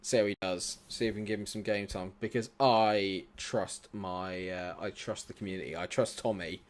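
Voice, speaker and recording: A young man streaming a football management game, talking back to the game and his chat and swearing often. He drops into low mutters, then breaks into sudden shouts. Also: steady tone, moderate pace. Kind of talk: live gaming commentary.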